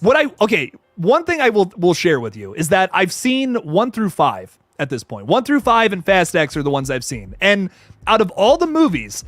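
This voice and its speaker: A man hosting a horror movie channel, chatting casually on a livestream, excitable and swearing often. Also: high voice, moderate pace, no room sound. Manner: excitable and swearing, with frequent laughs. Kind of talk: casual livestream chat reading super chats.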